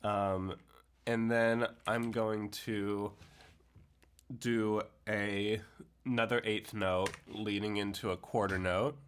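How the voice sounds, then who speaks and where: A man teaching how to set a poem to music, thinking aloud with many pauses and fillers, sometimes speaking words slowly in rhythm. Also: fairly low pitch, little pitch movement, clear, resonant tone. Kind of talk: screen-share tutorial on setting a poem to music.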